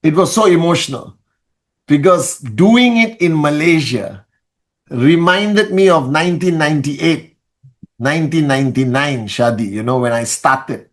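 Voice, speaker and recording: A fairly high-voiced man hosts a live online call, calling out viewers by name and greeting them warmly. His delivery is energetic and loose, full of fillers and quick restarts, like a leader rallying his team. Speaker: network marketing leader. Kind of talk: live-stream address to followers.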